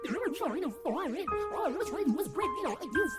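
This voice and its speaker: A woman voicing a hysterical, entitled young woman under arrest, shrill and whiny as she sobs and rants. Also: steady tone, normal speed, far from the mic, over loud music, close to an everyday voice. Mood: wailing. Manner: shrill, whiny, sobbing and ranting.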